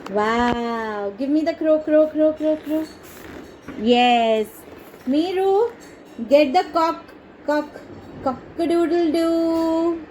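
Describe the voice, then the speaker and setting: High, slow-talking Indian mother. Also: expressive, a little mellow, slight background noise, rough recording. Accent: Indian English. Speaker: mother teaching her toddler. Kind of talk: slow, coaxing baby talk with animal sounds.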